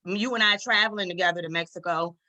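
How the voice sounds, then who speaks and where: Woman, video call, bright tense voice, rambling, heartfelt, casual swearing. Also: lowish voice, fast. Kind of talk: emotional casual chat.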